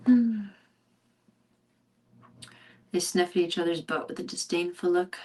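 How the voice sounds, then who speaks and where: A woman streamer chatting casually at home, rambling and cooing softly at her pets. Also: medium pitch, animated, unhurried, long pauses, slightly rough. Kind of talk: casual chat.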